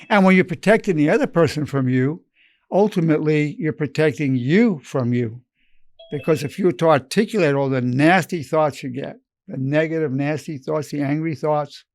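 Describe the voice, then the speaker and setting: A man's voice: on the high side, no room sound. Older man, earnest advice in a dry room. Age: 80s. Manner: earnest, measured, acts out loving phrases softly. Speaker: psychologist giving a lesson. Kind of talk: unscripted advice talk.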